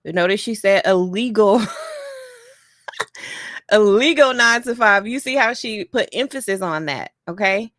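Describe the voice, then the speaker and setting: A woman reacting to a clip for her audience, talking in a chatty way that slips into teaching. Her voice is mid-pitched and recorded dry and close, with no room sound. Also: normal speed, few pauses, dry recording. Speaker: commentator reacting to clips. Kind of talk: reaction commentary.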